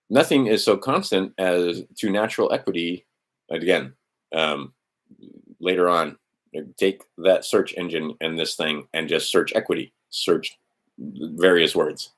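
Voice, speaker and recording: A middle-aged man with a low, deep voice talks into a desk mic, rambling through a document with sardonic asides. His delivery is loose and casual, broken by restarts and the odd curse. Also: a little slow. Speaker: host of a legal maxims stream. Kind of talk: casual screen-share talk.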